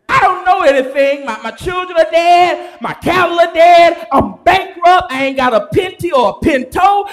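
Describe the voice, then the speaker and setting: Man preaching in church, real high voice, slow and drawn out, yells then drops way down. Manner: chanting, rising to shouts then dropping low. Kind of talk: sermon. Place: church sanctuary.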